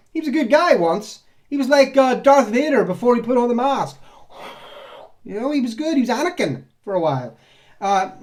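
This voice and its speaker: Guy, high-ish voice, sarcastic rambly vlog chat. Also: darkish tone. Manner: chatty, sarcastic and rambling, with frequent laughs. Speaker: ex-Jehovah's Witness vlogger. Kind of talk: casual commentary on reader comments.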